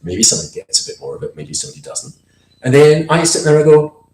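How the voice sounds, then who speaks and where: A man in casual conversation, animated and laughing, often acting out what people say and restarting sentences. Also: a little high, fast. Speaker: podcast co-host. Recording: roomy echo.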